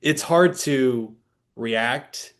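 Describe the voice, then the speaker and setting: A man's voice: medium pitch, drawn-out words. A man hosting an interview and asking thoughtful questions in a casual tone. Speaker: host interviewer.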